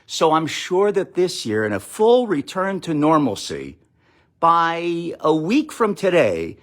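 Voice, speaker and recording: A man's voice: on the high side, very animated, unhurried. A middle-aged man delivering a sarcastic, rambling comic monologue on a live stream, reading out viewer comments and mocking quotes. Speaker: comedian streaming live to followers. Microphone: phone or webcam live stream.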